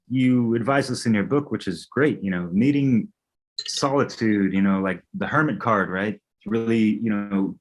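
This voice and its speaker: A man's voice: fairly low pitch, poor audio. A man hosting a podcast interview in a casual, hesitant way, often searching for words. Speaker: podcast host.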